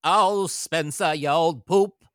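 A man's voice: fairly high pitch, slow pace, fairly bright tone, clear, resonant tone, dry recording, clean studio sound, voice pushed up. A man putting on a grand old-movie lady voice. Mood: haughty. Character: grand old-film lady with transatlantic accent.

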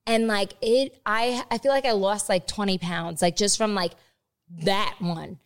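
A woman's voice: medium pitch, fairly even intonation, unhurried, clear, resonant tone. A woman guest on a podcast, chatting candidly, laughing often and swearing freely. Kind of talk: casual chat.

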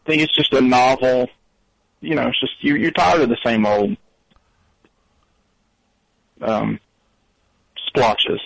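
A man's voice: mid-range voice, slow, gravelly, pauses often, poor audio. A man calling into a comedic radio show, laid-back and a bit hesitant, playing along with the host. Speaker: caller. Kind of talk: comedic call-in radio banter.

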